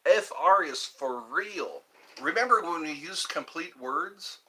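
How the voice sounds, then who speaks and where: Slow, bright-voiced man, lively pitch. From Georgia, US Deep South. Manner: nostalgic, rambling, talks to chat viewers. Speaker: livestream host. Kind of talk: casual livestream chat.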